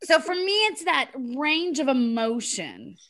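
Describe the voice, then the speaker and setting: A middle-aged woman casually telling a personal story to a group, animated and acting out the voices of the people in it. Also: high-pitched, a little slow. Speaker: group participant sharing a story.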